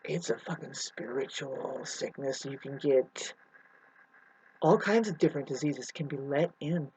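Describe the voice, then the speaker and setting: A woman's voice: fairly low pitch, a little mellow, husky. A woman vlogger rambling through a searching spiritual monologue, speaking straight to the viewer and calling them "babes". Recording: muffled lo-fi audio.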